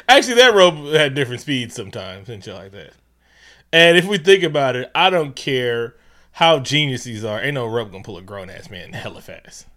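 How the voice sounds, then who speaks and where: A man co-hosting a casual movie commentary chat, talking loosely and profanely, laughing often and doing quick impressions. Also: mid-range voice, very animated, fairly bright tone. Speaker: podcast co-host.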